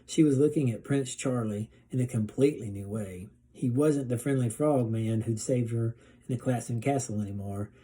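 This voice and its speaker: Male teacher, storybook read-aloud, dark husky voice, steady. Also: mid-range voice, normal speed, hardly any pauses.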